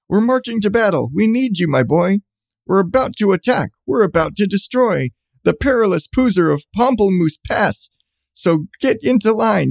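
A man's voice: high-pitched, creaky, no echo, full character voice. A man reading aloud as a boastful army general who bellows his orders.

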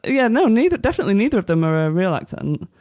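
Gushing, lively woman with a dry sound. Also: medium pitch, fast, no echo. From northern England. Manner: enthusiastic, laughs often, gushing. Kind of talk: casual chat.

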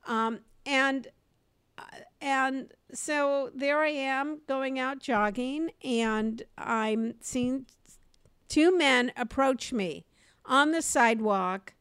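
An older woman with a high voice tells stories with animation, dropping to quiet asides and rising to loud outbursts. She talks at an unhurried pace, close to the mic in a dry room with no echo. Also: clean tone. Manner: expressive, swings from quiet to loud exclamations, laughs often. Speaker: podcast co-host and comedy teacher. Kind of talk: animated conversational storytelling.

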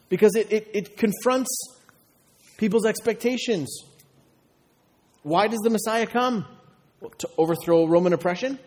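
A man's voice: high voice, darkish tone. A man preaching a sermon as a pastor, conversational and full of rhetorical questions. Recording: long reverb of a large hall.

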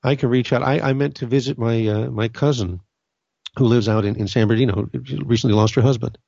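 A middle-aged Catholic podcast host from Southern California speaks casually and earnestly about faith, frequently restarting sentences. His medium-pitched voice is gravelly and warm, fairly even in intonation and a little fast, with no room sound and the highs cut off.

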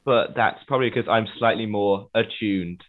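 A man's voice: fairly low pitch, moderate pace. A man with a Southern English accent chatting as a guest, hedging often with "sort of". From England. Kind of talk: casual chat. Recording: tinny phone-like line.

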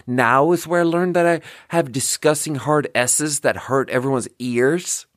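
A slightly slow, mid-range male voice with few pauses belongs to a podcast host in his thirties. The recording is dry and clean, studio-made, as he rants casually for laughs, putting himself down, swearing freely and jumping between thoughts.

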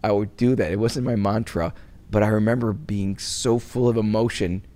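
With a fairly low, fairly even voice at a moderate pace, this middle-aged Wisconsin guest chats in a relaxed interview. His talk drifts with many restarts, and he becomes soft-spoken recalling loss.

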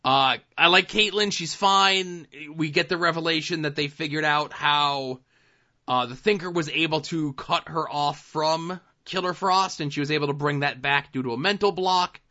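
A man's voice: fairly high pitch, normal speed, sharp tone, dull audio. A man co-hosting a casual podcast, recapping TV episodes in a laid-back, dry way with plenty of fillers. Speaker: podcast co-host.

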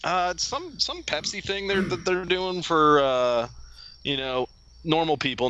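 A man in casual chat, excited and playfully bragging. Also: fairly high pitch, a little slow, dull audio, slight background noise.

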